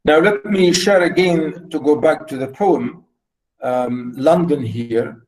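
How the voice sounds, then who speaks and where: Slow, high-voiced man lecturing on a call. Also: poor audio. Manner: rambling, repeats himself with many fillers. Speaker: university literature lecturer. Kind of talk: online lecture on poetic meter. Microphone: video call.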